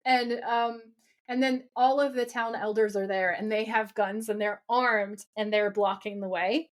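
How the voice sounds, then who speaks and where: A woman podcast co-host recapping a TV episode in casual chat, animated, swearing freely and acting out lines. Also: mid-range voice, measured pace.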